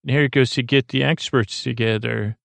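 A man hosting a bedtime podcast, retelling a TV episode in a meandering, halting way full of ums and restarts. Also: fairly even intonation, vocal fry, a bit bright, no echo. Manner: low-key, unhurried. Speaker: podcast host.

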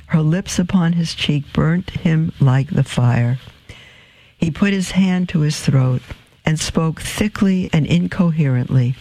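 A man reads a story aloud in a measured, expressive style. His delivery is very slow, and his voice is gravelly and fairly high for a man. He sounds like a radio host reading to his listeners. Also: no echo.

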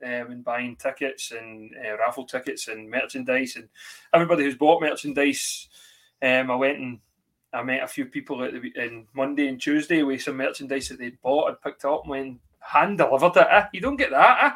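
A man's voice: mid-range voice, fairly quick, a bit bright. A Scottish man hosting a football podcast, chatting casually with lots of swearing and laughter. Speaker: podcast host. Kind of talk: casual chat.

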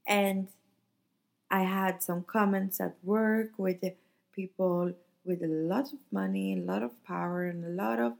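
A woman's voice: medium pitch, steady tone, unhurried, vocal fry. A woman from northern Europe hosting a podcast, telling a story in an earnest, heartfelt way and acting out the quotes. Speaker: podcast host. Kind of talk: casual storytelling monologue.

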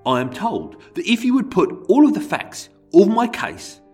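A man's voice: high-pitched, huge pitch swings, normal speed, a little mellow, faint music behind, voice pushed up. A man with a put-on Birmingham accent voicing a vain, self-pitying male killer writing to a lawyer, in a mock-earnest reading.

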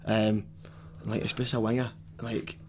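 Measured Scottish ex-footballer. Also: male voice, fairly low pitch, little pitch movement, slight background noise. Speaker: former footballer. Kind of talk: casual football chat.

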